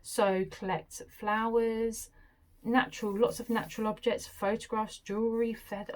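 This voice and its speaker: A woman's voice: on the high side, little pitch movement, a little slow. Enthusiastic woman vlogging. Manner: enthusiastic and chatty, with gushing asides. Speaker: crystal and crafts vlogger. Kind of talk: casual explainer talk.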